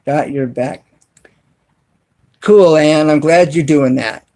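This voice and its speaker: A man hosting a casual live stream from his cell phone, talking to viewers in the chat and spelling words out slowly and deliberately. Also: a little high, a little mellow. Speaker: YouTube channel host live streaming.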